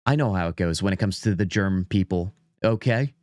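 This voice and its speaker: Deep, brisk, and a little mellow, this American man's voice narrates his game stream in a rambling, chatty way, reading the menus aloud as he plays. The sound is studio quality with no room sound.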